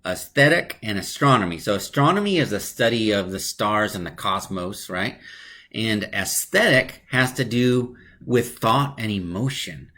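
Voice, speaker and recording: Husky low-voiced teacher. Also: male voice, lively intonation, a little slow, sharp tone. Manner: casual, upbeat, keeps asking "right?". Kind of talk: online class for kids.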